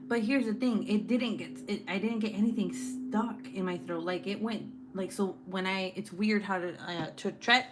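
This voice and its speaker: A woman in her thirties hosting a casual livestream from home while crafting. She tells stories in an animated way, swears freely and laughs often. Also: mid-range voice, slight background noise. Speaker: livestream host.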